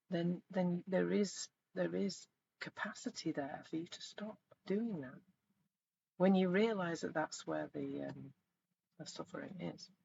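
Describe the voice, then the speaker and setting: A middle-aged woman coaching in a live online session, speaking reflectively and gently and growing animated when she retells stories. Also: fairly low pitch, vocal fry. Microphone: video call. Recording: slightly dull lo-fi sound with faint noise.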